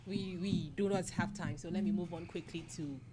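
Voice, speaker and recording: A woman from Ghana hosting a morning radio show, briskly moderating her callers. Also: lowish voice, steady tone, warm tone, slight background noise. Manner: brisk, keeps things moving.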